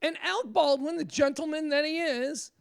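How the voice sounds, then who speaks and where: A woman hosting a talk radio show, chatting casually and telling a story with lively acted-out quotes. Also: high voice, normal speed, gravelly, dry recording. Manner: animated storyteller, acts out quotes.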